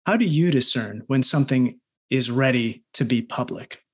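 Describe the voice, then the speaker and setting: A man's voice: medium pitch, moderate pace, slightly rough. A man co-hosting a podcast, asking a guest questions and thanking listeners in a friendly way. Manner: friendly, encouraging. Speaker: podcast co-host.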